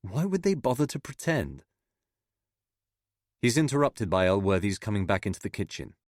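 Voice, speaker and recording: A man reads a spy novel in a measured, steady narration. His voice sits low, and the sound is close and dry with no room around it. The characters get only slight changes from his own voice. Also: dry recording. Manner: measured reading, voicing characters with little change. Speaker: audiobook narrator. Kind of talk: scripted audiobook narration.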